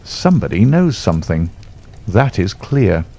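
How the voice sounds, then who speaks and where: A man voicing a calm, imperturbable male detective in an audiobook, measured and dry. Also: fairly low pitch, creaky, exaggerated voice. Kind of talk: audiobook character voice.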